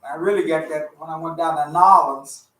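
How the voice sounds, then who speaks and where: A man's voice: on the high side, steady tone, a little fast, fairly bright tone, a little hiss or hum. A man teaching a Bible study in a folksy, conversational way, repeating himself as he explains. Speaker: teacher leading a Torah study. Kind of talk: informal sermon. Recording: roomy sound from a distant mic.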